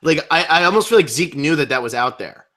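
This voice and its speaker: A young man co-hosting a casual live podcast, talking quickly in a rambling way, full of fillers and restarts. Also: a little high, lively intonation, a bit bright. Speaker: co-host of a reality show podcast. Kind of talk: casual live-stream chat.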